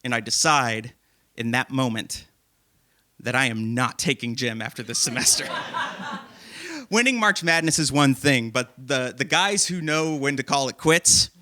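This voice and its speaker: Guy hosting a live storytelling show, self-deprecating, bright voice, theater stage mic. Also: mid-range voice, measured pace. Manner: self-deprecating, animated, laughing at himself. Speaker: host and storyteller.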